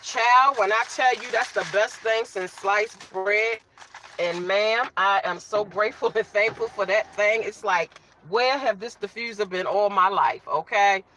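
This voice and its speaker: A woman's voice: mid-range voice, a little slow, bright, forceful tone, a little hiss or hum. A woman hosting a casual live stream, chatting with viewers, greeting them by name and talking while she eats.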